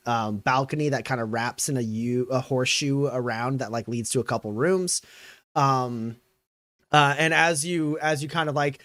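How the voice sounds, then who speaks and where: A man's voice: mid-range voice, fairly bright tone, no echo. Rambling male game master. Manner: rambling, many fillers. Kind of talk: narrating a tabletop game.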